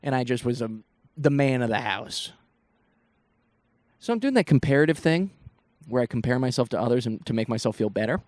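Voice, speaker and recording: A man's voice: mid-range voice, expressive, a little fast, darkish tone, no echo. A young man from Northeast Ohio, a comedian, telling rambling stories on his solo podcast with lots of swearing and asides. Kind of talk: casual solo podcast storytelling.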